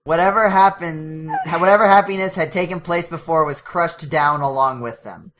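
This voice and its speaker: A podcast co-host reads a fanfiction aloud for comedy, often laughing mid-sentence and going back over stumbled words. The voice sits at an ordinary middle pitch. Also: normal speed, background noise. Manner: reads with frequent laughs and self-corrections.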